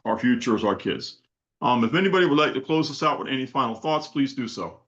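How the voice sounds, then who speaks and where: A man's voice: mid-range voice, lively intonation, fast, fairly bright tone. Guy on a video call doing a fired-up spoken poem, lots of "how many" questions, kinda muffled audio. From South Florida. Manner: repetitive rhetorical questions, preacher-like build. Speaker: event host.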